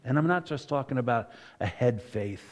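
A man's voice: medium pitch, expressive, normal speed. A middle-aged man, a pastor, giving a conversational sermon full of asides and self-corrections.

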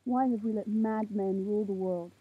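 An eighteen-year-old woman ranting to camera outdoors at night, heated and swearing, with a very husky voice. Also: mid-range voice, steady tone, normal speed, no room sound. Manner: heated, swearing, preachy outbursts. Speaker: vlogger. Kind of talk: impassioned rant to camera. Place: outdoors in a parking lot at night under a makeshift roof. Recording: tinny phone-like lo-fi sound.

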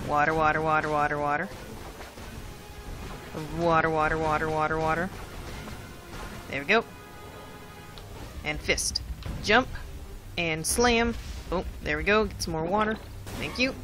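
A let's play host giving casual gameplay commentary, thinking aloud in a chatty way and chanting repeated words while timing moves. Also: mid-range voice.

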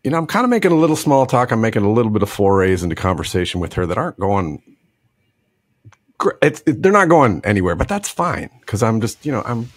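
A man's voice: lowish voice, big pitch swings, fast, no room sound. A middle-aged man casually telling a story on a podcast, laughing often and acting out the other people in it with a put-on drawl.

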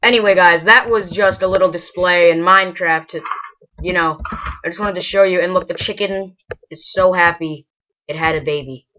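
A woman hosting a gaming channel, giving casual gameplay commentary, excitable and rambling, often bursting into loud exclamations. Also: on the low side, normal speed, slight background noise. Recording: dull lo-fi home recording.

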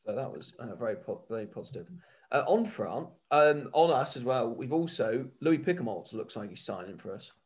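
Male podcast co-host, lively swooping pitch, excitable and rambling, casual banter. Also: moderate pace. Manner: animated, excitable, rambling with restarts. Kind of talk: casual rugby chat.

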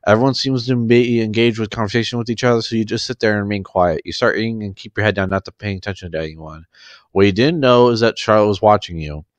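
A man's voice: lowish voice, fast talker, dry recording. Man reading a story, stumbling. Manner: unpolished reading with frequent restarts. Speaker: story reader. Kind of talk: reading fan fiction aloud.

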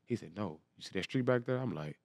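A man's voice: on the low side, quick pace, vocal fry, no room sound, studio quality. A young man in his twenties, a football player, earnestly retelling an emotional story and acting out everyone's lines. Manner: animated, acts out the dialogue of people in his story. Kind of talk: casual storytelling interview.

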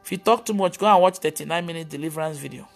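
A woman's voice: deep voice, rapid-fire, soft background music. A woman pastor preaching on a live video, telling stories and scolding with emphatic exclamations. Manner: animated storytelling, mimicking others' voices.

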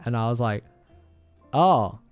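A young man, telling a story on his stream with lots of swearing and loud outbursts. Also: medium pitch, normal speed, dry recording, soft background music. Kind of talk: casual storytelling.

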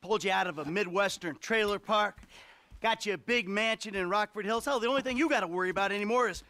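An actor playing a gruff, sardonic middle-aged male ex-criminal in a video game cutscene, answering with dry cursing sarcasm. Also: high voice, fast talker, pushed and bright, no room sound. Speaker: retired criminal and husband.

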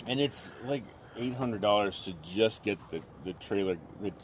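A man's voice: fairly low pitch, normal speed, a little hiss or hum. A man giving a casual, rambling tour of his garage and tools, full of fillers and self-deprecating asides. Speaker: lawn care business owner giving a garage tour.

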